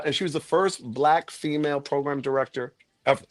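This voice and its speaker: A man's voice: on the high side, fairly quick. A man telling a long story in casual talk, profane and dramatic, acting out the people he quotes. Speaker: guest storyteller.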